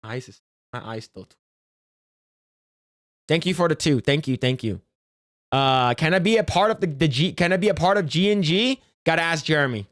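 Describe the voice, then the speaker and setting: A man's voice: a little high, animated, normal speed, pauses often, a bit bright, dry recording, studio quality. Offhand stammering male streamer. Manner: stammering restarts, offhand joking. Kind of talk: casual livestream chat reading donations.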